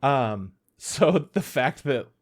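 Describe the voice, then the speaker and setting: This podcast co-host, a young adult man, talks slowly in a mid-range voice. It's casual chat, with him animatedly telling stories, acting out the quotes, and swearing freely.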